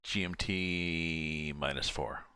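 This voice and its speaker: A man's voice: rumbling low, fairly even intonation, slow, sharp tone, clear, resonant tone, no echo, studio quality. An older Canadian man chatting casually and rambling while he streams a driving game from home. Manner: rambling, chatty, thinking aloud. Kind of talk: casual chat while playing.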